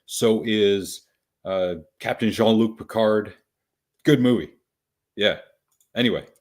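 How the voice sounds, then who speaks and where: Wry man explaining slowly. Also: lowish voice, darkish tone. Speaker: podcast host. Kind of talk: casual podcast commentary.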